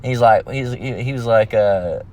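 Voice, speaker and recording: A man's voice: mid-range voice, measured pace, a little mellow. A man talks through a religious lesson in a loose, conversational way. He rambles, restarts his sentences often and drops in street slang. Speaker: religious teacher. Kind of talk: casual spoken religious lesson.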